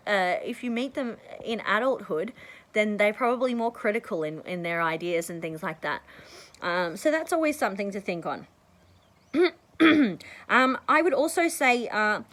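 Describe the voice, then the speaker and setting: Lively high-voiced woman giving chatty advice. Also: low-quality recording. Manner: rambling, chatty, frequent throat clearing; bursts into high excited tones when acting out conversations. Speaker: vlogger giving life advice. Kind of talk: casual advice talk to camera.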